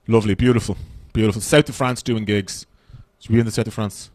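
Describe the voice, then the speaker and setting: Fast-talking Irish man doing stand-up. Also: lowish voice, no room sound. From Ireland. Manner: chatty, swearing, animated storytelling. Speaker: stand-up comedian. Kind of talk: stand-up comedy set. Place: comedy club stage with audience.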